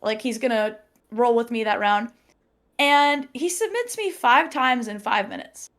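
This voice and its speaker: Young woman chatting, kinda high voice, acts out all the quotes, laughs a lot. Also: measured pace. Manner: animated storyteller, acts out quotes, laughs often. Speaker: podcast guest. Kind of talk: casual chat, storytelling.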